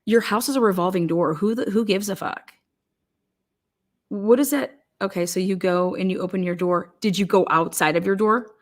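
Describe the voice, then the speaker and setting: A woman's voice: mid-range voice, normal speed. A woman giving true crime commentary in a blunt, sarcastic and profane way, firing off pointed questions.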